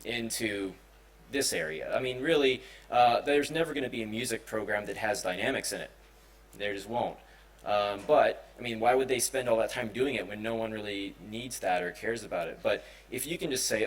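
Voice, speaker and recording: A man's voice: medium pitch, rough recording. Man giving a casual tech talk. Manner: casual, many fillers and restarts. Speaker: conference speaker. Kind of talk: technical presentation. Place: conference hall.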